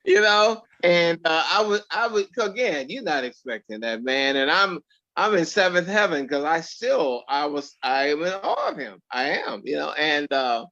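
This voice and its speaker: A man telling stories in an interview, animated and acting out the dialogue he quotes. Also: on the high side, normal speed, dull audio. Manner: animated storyteller who acts out quoted dialogue. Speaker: actor guest. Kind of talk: storytelling in an interview.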